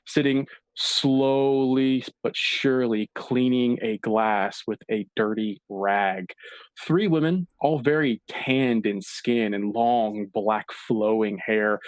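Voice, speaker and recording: A male dungeon master narrating a tabletop game at a mid pitch. His telling is relaxed and descriptive, with a dry, close sound. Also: dry recording. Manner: descriptive and relaxed, with filler words.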